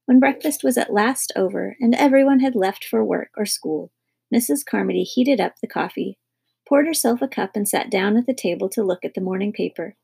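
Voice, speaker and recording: A woman narrating a children's storybook in a steady, expressive manner. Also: medium pitch, brisk, gravelly, breathy edge, rough recording.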